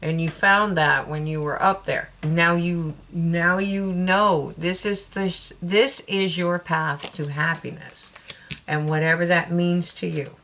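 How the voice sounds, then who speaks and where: A woman's voice: fairly low pitch, fairly even intonation, measured pace, a bit bright, slight background noise. A woman with a Southern US accent giving a casual tarot reading, chatty, laughing often and breaking off her own sentences. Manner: chatty, laughing, self-interrupting. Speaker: tarot reader.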